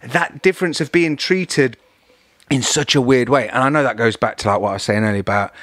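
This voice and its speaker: A man chats casually on a podcast, an animated storyteller who slips into other people's voices as he goes. His voice sits at a middling pitch, and the recording is close and dry, with no room around it. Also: brisk, no echo. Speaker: podcast guest. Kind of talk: casual chat.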